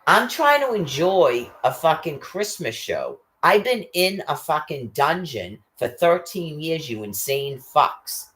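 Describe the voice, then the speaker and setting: Angry profane man ranting, lively pitch. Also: takes it slowly, few pauses. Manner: profane, agitated, ranting, rhetorical questions. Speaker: ranting commentator.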